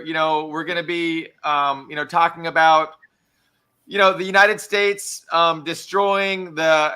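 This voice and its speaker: A man's voice: a little high, sharp tone, smooth. A man co-hosting a podcast panel, musing aloud and posing open questions with many fillers. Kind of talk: casual panel discussion.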